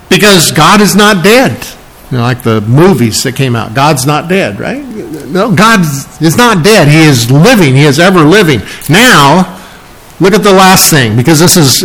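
Animated man preaching a Bible sermon. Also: a little high, low-quality recording. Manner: conversational Bible teaching with bursts of excitement. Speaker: pastor.

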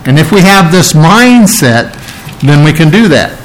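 A man's voice: fairly high pitch, animated, unhurried, a little hiss or hum, rough recording. A man preaching a sermon, teaching earnestly and stressing key phrases by repeating them. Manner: earnest, emphatic teaching with repetition. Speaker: pastor.

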